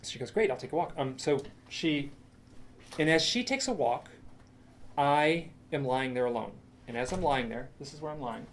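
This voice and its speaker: Gravelly man giving a rambling lecture. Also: medium pitch, animated, moderate pace, a little hiss or hum. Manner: enthusiastic, rambling storyteller with many restarts. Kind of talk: presenting a lecture with slides.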